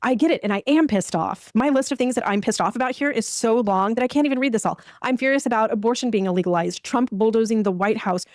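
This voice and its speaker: A woman speaks quickly and directly to camera in a commentary clip, reeling off a heated list of grievances. Her voice sits mid-range and the recording is dry and close. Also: on the high side, darkish tone, no room sound. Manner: brisk, listing grievances heatedly. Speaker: content creator in a played clip.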